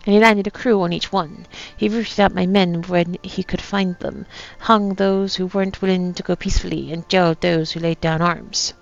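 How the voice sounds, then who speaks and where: A woman putting on a gruff old pirate captain. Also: fairly low pitch, fairly even intonation, normal speed, few pauses, muffled recording. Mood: rueful. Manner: put-on rough pirate accent with dropped grammar. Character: dying old male pirate captain, boastful and bitter. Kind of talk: reading a journal aloud in character.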